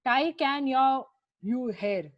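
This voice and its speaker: A woman with a high voice and an Indian English accent teaches English grammar to children over a video call. She presses them along briskly and repeats her prompts again and again. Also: animated, highs cut off.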